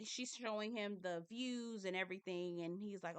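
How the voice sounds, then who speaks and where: Woman, casual reality TV recap, chatty and candid, bright forceful voice, smooth and clear, dry close sound. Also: medium pitch, moderate pace, no room sound.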